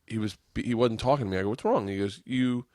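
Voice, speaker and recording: A man's voice: fairly low pitch, fast, darkish tone, no echo, studio quality. A man hosting a podcast, chatting casually and rambling, with a lot of swearing and restarts. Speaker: podcast host, comedian. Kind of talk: casual chat.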